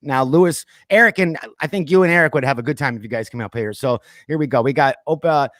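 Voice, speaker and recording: A man's voice: medium pitch, quick pace, fairly bright tone, no echo, studio quality. A man hosting a casual pop culture podcast, chatting loosely and reading off lists with plenty of fillers. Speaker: podcast host. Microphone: streamed call mic.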